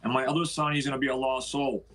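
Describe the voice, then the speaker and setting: Man, mid-pitched, house owner, halting emotional storytelling, acts out the dialogue. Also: flat delivery, fairly bright tone, poor audio. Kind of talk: personal storytelling.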